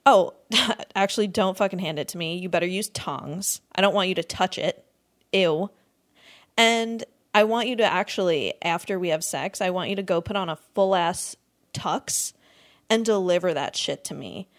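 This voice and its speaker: A young woman hosts a podcast, delivering a crude, exasperated comedic rant with free swearing and frequent bursts of laughter. Her voice is fairly low in pitch, at a normal speed.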